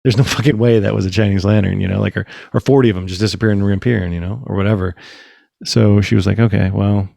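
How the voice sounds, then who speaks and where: A man with a low, gravelly voice, hosting a casual podcast chat. He tells stories with energy and acts out the other people's lines. The sound is close and dry. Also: quick pace, dry recording. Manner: animated storyteller, acts out quotes, swears casually. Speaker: podcast host.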